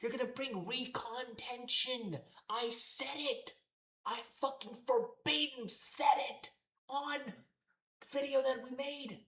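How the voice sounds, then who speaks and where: Here a wrestling show reviewer with a high, pushed, bright voice rants in heated exasperation, cursing nonstop and circling back to the same points. She takes it slowly, and the recording carries the echo of a roomy room.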